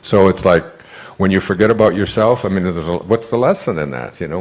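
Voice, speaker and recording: A man's voice: low-pitched, normal speed. An older man giving a motivational lecture, telling stories in a conversational way that often repeats and restarts words. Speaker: motivational speaker. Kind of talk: storytelling lecture.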